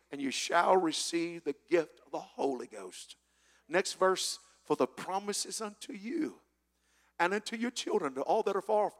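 Pastor, man, sermon, gravelly high voice, bright tone, long hall reverb. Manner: preaching with shouted scripture and call-and-response.

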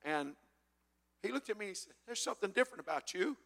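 A man preaching a sermon as pastor, quoting scripture loudly and asking the congregation to repeat after him. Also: sits high, animated, fast talker, gravelly, long reverb tail. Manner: preaching with shouted scripture and call-and-response.

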